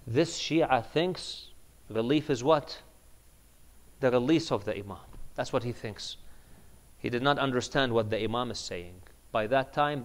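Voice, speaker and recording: Man preaching a mournful sermon. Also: on the high side. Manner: swings from hushed, near-whispered grief to loud, emphatic preaching; sprinkles Arabic devotional phrases. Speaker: imam giving a majlis sermon.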